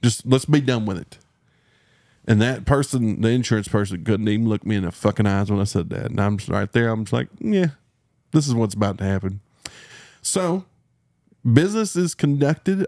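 A man's voice: mid-range voice, a little mellow, no room sound. Texan man, podcast host, cussing rant, dry close sound. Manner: profane, heated, mocking impressions. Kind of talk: casual storytelling rant.

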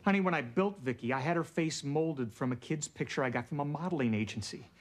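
A man's voice: fairly high pitch, fast talker, natural voice. An actor playing a harried suburban father and inventor in a 1980s sitcom, hesitant with a dry joke. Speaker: sitcom character.

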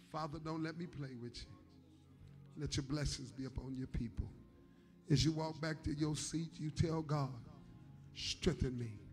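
A man, preaching and leading an altar-call prayer with fervent, pleading repetition. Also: a little high. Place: church service with music behind.

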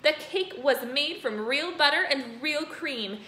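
A woman puts on a bullying storybook headmistress who roars insults in a bright, forceful voice. Her shouting rings around a roomy, echoey space with faint noise behind. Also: high voice, expressive, unhurried, pitched above the performer's own voice, exaggerated voice. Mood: furious. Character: tyrannical hulking headmistress, bellowing and cruel.

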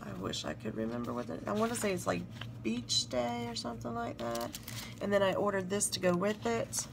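Brisk and creaky, with medium pitch and lively intonation, this Southern-accented South Carolina woman shows off her planner stickers. She gushes and reads the sticker phrases aloud in casual show-and-tell narration, with background noise behind her.

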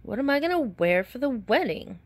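A woman's voice: on the low side, fairly even intonation, moderate pace, creaky, a little hiss or hum. A woman voicing a careful mother in a children's storybook, firm and matter-of-fact. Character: Mama, a careful adult mother.

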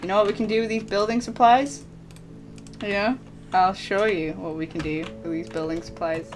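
A woman's voice: mid-range voice, steady tone, normal speed, a little hiss or hum. A woman voicing her character in casual Minecraft role-play, playful and often giggling between lines. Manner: giggly, playful, often laughing mid-sentence. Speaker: lead voice actor and player.

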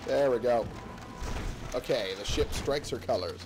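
Sick, cursing low-voiced gaming host. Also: male voice, normal speed, pauses often, over loud music. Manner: swears freely, exasperated at the game. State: sick, voice giving out. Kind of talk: let's-play commentary.

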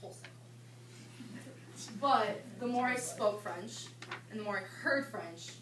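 A young woman in her twenties, a campus ministry intern, leading an informal seminar with chatty, animated storytelling. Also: a little high, unhurried, pauses often. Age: 20s. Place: indoor meeting room at a retreat. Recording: echoey room, mic far off, background hum.

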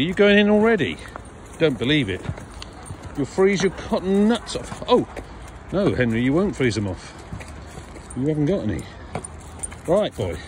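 A man, a dog trainer, chatting and teasing his dogs while out walking in a frosty field. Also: a little high. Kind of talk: casual talk to dogs on a walk. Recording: outdoor recording with clear background noise.

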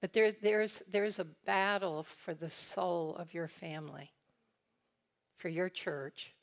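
Taking it slowly, a woman with a low, steady voice teaches a church congregation as a guest. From eastern Kentucky, she tells family stories and acts out the people she quotes, with laughs.

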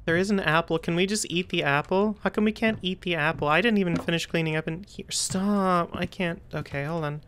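A woman's voice: on the low side, a little fast, few pauses, a bit bright, a little hiss or hum. Jumpy woman commentating a horror game. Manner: jumpy, chatty, with frequent fillers and nervous outbursts. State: throat slightly rough. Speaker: gaming streamer.

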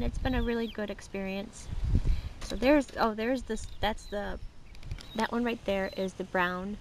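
A woman's voice: steady tone, normal speed. Woman filming her backyard coop, chatty and easygoing, birds and outdoor noise behind her. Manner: chatty, talks to her birds in a high coaxing voice. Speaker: vlogger. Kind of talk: casual show-and-tell vlog. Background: chickens and ducks.

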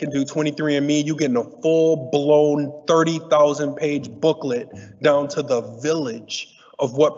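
A middle-aged man giving a lively, teasing conference talk to an audience. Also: medium pitch. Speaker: diversity speaker. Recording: muffled audio in a reverberant hall.

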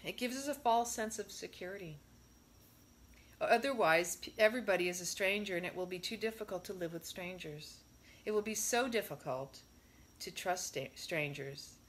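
A woman reading a spiritual discourse aloud in a measured way, stressing her rhetorical questions. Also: mid-range voice.

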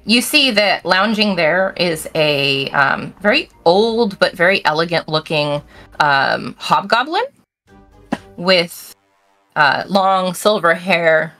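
A woman's voice: low-pitched, pushed and bright. A woman narrating as game master of a tabletop game, casual with many fillers.

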